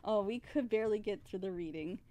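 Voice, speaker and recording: A woman voice actress chats on a relaxed stream, gushing and giggling between thoughts. Her voice sits in an ordinary middle range. A faint hiss of noise sits under the talk. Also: mid-range voice, a little fast. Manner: giggly, effusive, laughs often. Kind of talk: casual stream chat.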